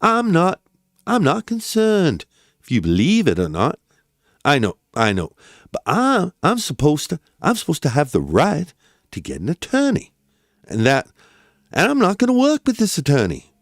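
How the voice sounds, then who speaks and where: Male reader as a shrill, cursing defendant, up and down pitch, dry booth. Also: wildly swooping pitch, normal speed, no echo. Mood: protesting. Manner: yelling profanities, stammering. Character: angry male defendant, crude and defiant. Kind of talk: dramatic reading of a court transcript.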